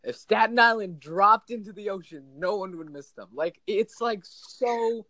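A young man from New Jersey chatting casually as a podcast guest, telling animated stories full of acted-out quotes. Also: high-pitched, a little slow, dry recording. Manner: animated, exaggerated storytelling with mock quotes. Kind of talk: casual chat.

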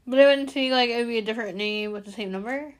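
A woman's voice: fairly high pitch, fast. A woman in casual chat, enthusiastic and eager to explain her views. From United States.

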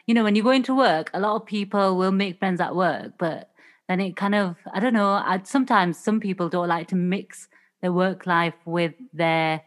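A woman's voice: fairly low pitch, moderate pace. A young woman with a Northern English accent co-hosting a podcast, chatting casually and rambling with frequent restarts. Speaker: podcast co-host. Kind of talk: casual chat.

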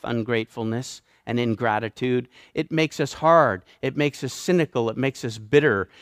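A Canadian man with a Canadian accent delivers a sermon, driving his points home by repeating phrases with growing emphasis. His voice sits a little high for a man. The sound is close and dry, with no room echo. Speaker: pastor.

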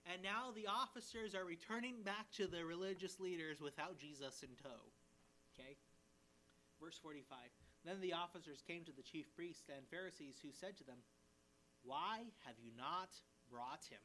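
A man as a pastor, teaching a sermon verse by verse with lively emphasis and paraphrased quotes. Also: fairly high pitch, normal speed, slight background noise.

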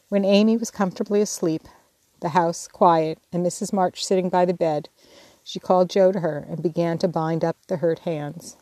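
A woman with a mid-range voice narrates an audiobook in a measured, expressive reading. The scripted narration has no echo.

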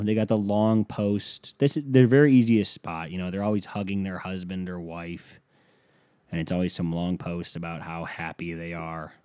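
Male comic, deep mellow voice, foul-mouthed sarcastic rambling delivery. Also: no echo, clean studio sound. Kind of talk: rambling comedic rant.

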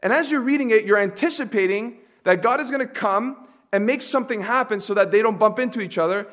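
Preaching briskly in a fairly high voice, this pastor asks his congregation questions and pauses for their answers. His delivery shifts from quiet, low asides to loud, forceful proclamations.

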